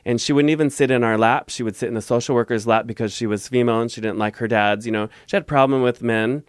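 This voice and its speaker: An earnest man speaks as a guest, warm and heartfelt as he rambles through a long personal story. His voice is smooth and resonant at a middle pitch. The sound is dry and close, with no room around it. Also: steady tone, quick pace, no echo. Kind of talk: casual interview storytelling.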